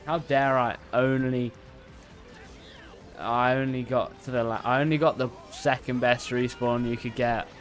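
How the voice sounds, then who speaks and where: Slow-talking male streamer chatting to chat. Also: medium pitch, flat delivery, faint music behind. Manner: rambling, self-interrupting, talks to chat; bursts into loud repeated "no, no" while playing. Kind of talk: casual live-stream chat while gaming.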